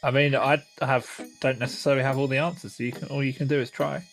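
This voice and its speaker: A man's voice: mid-range voice, flat delivery, quick pace, creaky, soft background music. Dry, noncommittal male game master. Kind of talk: running a tabletop game.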